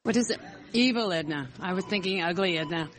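A woman's voice: on the low side, a little fast. A woman co-hosting a casual online chat, rambling and searching for words. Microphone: online audio chat. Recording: noisy online call audio.

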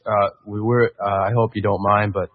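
Actor playing a folksy, dim Canadian sketch host; low voice, Canadian accent, lo-fi archive sound. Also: male voice, flat delivery, normal speed, natural voice. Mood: dopey cheerful. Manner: laid-back, folksy, rambling with "uh" and "eh". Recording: dull lo-fi archive clip.

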